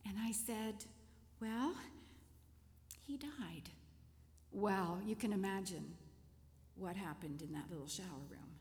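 An older woman shares a personal testimony, her voice slow to find words and tender. A gravelly edge runs through her speech. The sound carries a long reverb, as if from a large hall. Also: medium pitch. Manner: gentle, emotional, halting storytelling. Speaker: testimony speaker.

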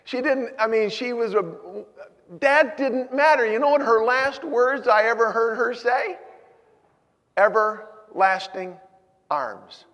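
A man preaching a sermon, telling stories and moving from loud urging to hushed asides. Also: very high voice, unhurried, dull audio. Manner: storytelling, swinging from loud exhortation to hushed asides. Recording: hall with long reverb.

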